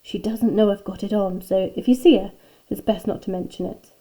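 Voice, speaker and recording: A woman's voice: medium pitch, steady tone, fairly quick, dark tone, natural voice. A woman reading aloud as a chatty, eager male shopkeeper in a children's storybook. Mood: cheerful.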